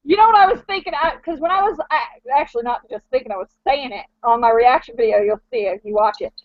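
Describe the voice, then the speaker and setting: Chatty high-voiced woman, giggly. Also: quick pace, dry recording. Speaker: podcast co-host. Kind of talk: casual fan chat. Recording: dull dry lo-fi recording.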